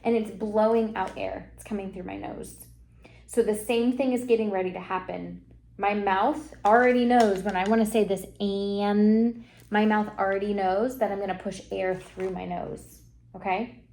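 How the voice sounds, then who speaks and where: A woman reading teacher giving a one-on-one phonics lesson, encouraging and modelling sounds slowly for a young reader. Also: mid-range voice, fairly even intonation, gravelly, a little mellow.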